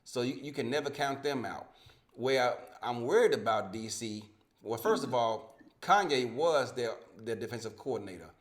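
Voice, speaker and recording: A man's voice: medium pitch, expressive, normal speed. A man hosting a casual sports podcast over a home mic that cuts out, talking in a profane, heated, rambling way with many restarts. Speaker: podcast host. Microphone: home microphone with dropouts.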